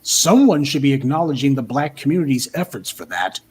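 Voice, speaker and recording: Man, scripted political commentary, husky, steady, sarcastic. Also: mid-range voice, brisk. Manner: steady, argumentative, lightly sarcastic.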